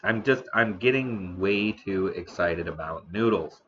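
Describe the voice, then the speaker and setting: A man hosting a casual live stream about the history of noodles, talking slowly with many fillers and restarts, eating now and then. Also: low-pitched, fairly bright tone, muffled recording, slight background noise. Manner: eating on stream between remarks. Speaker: streamer host.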